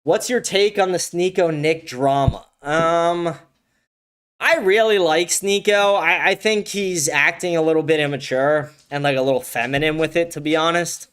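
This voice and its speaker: Young male streamer, slightly high voice, blunt and profane, ranting with sudden excited outbursts. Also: normal speed, clean tone. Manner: animated, bursts of excited shouting. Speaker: livestream show host. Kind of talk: casual livestream commentary. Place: home, with a dog nearby.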